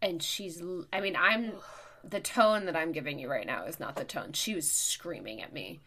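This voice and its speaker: A woman podcast host telling a story in casual chat, getting louder and more worked up as she goes. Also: normal speed. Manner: animated, gets louder and higher as the story heats up. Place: New York.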